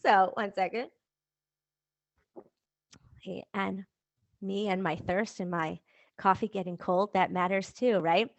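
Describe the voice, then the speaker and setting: A woman's voice: medium pitch, fairly even intonation, measured pace, pauses often, no echo, lo-fi sound. A woman coach hosting a podcast, talking her listeners through self-compassion in a conversational way full of rhetorical questions. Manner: warm conversational, rhetorical questions, laughs lightly. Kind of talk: motivational talk to listeners.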